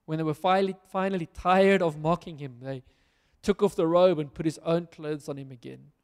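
High-voiced pastor preaching in a hall. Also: male voice, steady tone, moderate pace, a little mellow, clear, resonant tone. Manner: earnest, reads scripture then applies it to listeners. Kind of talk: sermon.

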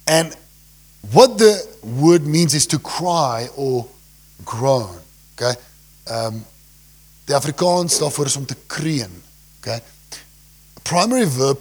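A young man with a South African accent preaching a sermon. He swings between loud cries from scripture and quiet, low asides. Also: husky. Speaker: pastor.

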